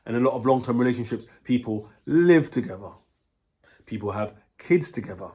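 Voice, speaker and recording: A man's voice: mid-range voice, expressive, a little fast, a little mellow. Blunt British man giving dating advice. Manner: blunt, swears freely, keeps checking in with "yeah?". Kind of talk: casual advice monologue.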